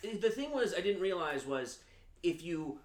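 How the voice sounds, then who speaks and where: A man co-hosting a casual podcast chat, throwing in quick jokes and talking in halting restarts. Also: high-pitched, sing-song, reverberant. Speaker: podcast co-host.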